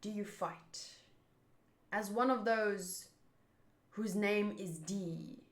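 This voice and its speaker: A woman reading aloud as a calm, mysterious woman who questions a fighter, slow and hushed, in a roomy echo. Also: medium pitch. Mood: cool, curious.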